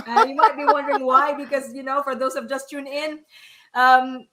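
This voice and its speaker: Woman in her thirties, effusive live-show host, bright and pushing, on the high side. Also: fairly even intonation, brisk. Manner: effusive and emotional, many fillers. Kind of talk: live online show hosting.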